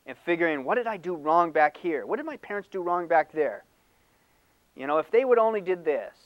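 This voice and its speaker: Older male pastor, lively conversational sermon delivery, slightly high voice, dry and somewhat muffled recording. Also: no room sound. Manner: animated, conversational preaching with laughs and mock voices.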